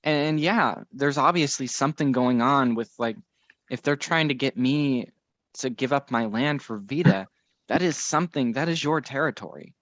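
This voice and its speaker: A man playing a tabletop game, thinking out loud in a tentative, searching way. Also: mid-range voice, normal speed, dry recording, muffled recording. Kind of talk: casual chat at a game table.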